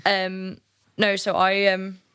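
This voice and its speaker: A woman co-hosting a podcast, telling a story in casual chat, animated, laughing often and swearing freely. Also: mid-range voice, slow, smooth. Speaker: podcast co-host.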